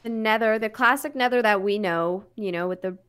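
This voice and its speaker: A woman's voice: mid-range voice, fairly quick, a bit bright, clear, resonant tone. A woman co-hosting a casual podcast about video games, chatty and laid-back, trailing off with fillers. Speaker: podcast co-host.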